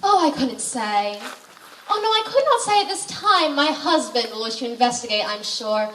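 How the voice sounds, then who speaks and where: A pompous mayor's wife played by a girl, haughty and drawn-out. Her high voice swoops in lively curves. It sounds from an echoey hall, picked up from far off. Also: a little hiss or hum. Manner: haughty, drawn-out affected delivery.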